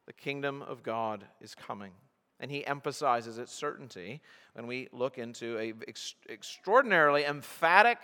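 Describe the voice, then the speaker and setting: A man's voice: medium pitch, animated, normal speed, pushed and bright, clean tone. A pastor preaching an expository sermon, earnest and emphatic, often restarting his phrases as he works through the text. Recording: long hall reverb.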